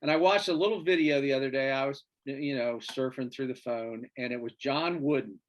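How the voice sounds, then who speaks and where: A man's voice: mid-range voice, brisk, a little hiss or hum. A man co-hosting a casual sports chat show, rambling through stories and searching for names with fillers. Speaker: podcast co-host.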